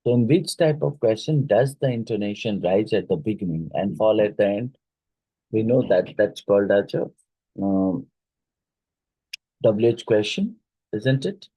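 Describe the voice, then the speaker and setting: Low husky-voiced teacher with Odia-tinged English. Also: male voice, expressive, measured pace, warm tone, no room sound, rough recording. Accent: Odia-influenced English. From India. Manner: explains with many fillers and rhetorical checks. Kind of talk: exam-prep phonetics lecture.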